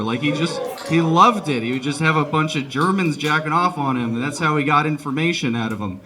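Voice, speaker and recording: Young man, stand-up comedian, rambling, self-deprecating, fairly high voice. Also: a little fast, hardly any pauses, bright, forceful tone, a little hiss or hum. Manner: rambling, self-deprecating, laughing at own jokes. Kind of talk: live stand-up set.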